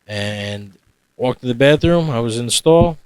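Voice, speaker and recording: A man's voice: mid-range voice, expressive, a little slow, smooth, no room sound. A man co-hosting a podcast, telling a funny story in casual chat, rambling and joking. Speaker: podcast co-host. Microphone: podcast mic.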